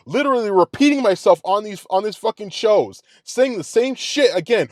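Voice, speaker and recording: A man's voice: sits high, expressive, moderate pace, few pauses, dry recording, clean studio sound. Angry, profane man ranting about football. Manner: profane, heated, repeats himself. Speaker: sports podcast host. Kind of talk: angry sports reaction rant.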